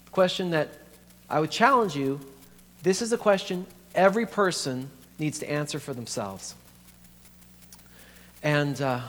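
A man preaching as a pastor, telling a story in a conversational, halting, earnest way. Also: a little high. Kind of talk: sermon storytelling. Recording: echoey hall, faint hum.

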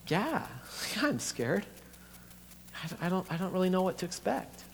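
A man voicing a frightened young man facing serious illness, halting and stammering, in an echoey hall with a faint hum. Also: sits high, very animated, pitched above the performer's own voice. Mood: anxious.

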